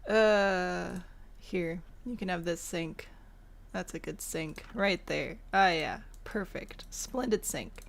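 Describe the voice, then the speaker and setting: A woman's voice: on the low side, takes it slowly, vocal fry, fairly bright tone. A young woman from the US Midwest with a mild Midwestern accent, chatting casually on a live stream, thinking aloud and answering chat while she builds in a game. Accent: mild Midwestern American. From Michigan, US Midwest.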